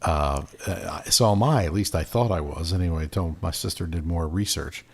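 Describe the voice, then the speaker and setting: A man's voice: sits low, moderate pace, creaky, darkish tone, slightly rough. A middle-aged man co-hosting a podcast from his armchair at home, joking wryly and rambling off on asides. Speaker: podcast co-host. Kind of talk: casual chat.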